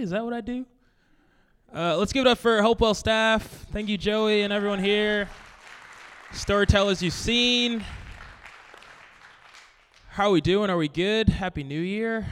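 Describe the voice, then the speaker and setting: A young man from Brooklyn telling a comic story from his childhood on stage, playful and lively, acting out his friends. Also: high-pitched, smooth. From Brooklyn, New York. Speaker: storyteller, comedian. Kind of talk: live comedic storytelling.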